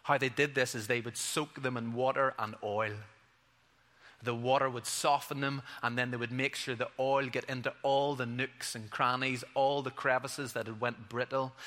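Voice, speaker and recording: A man preaching a sermon in a bright, forceful voice. His tone is earnest and conversational, with light playful asides. The sound carries a long reverb from a church hall. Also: medium pitch, level tone, normal speed. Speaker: pastor.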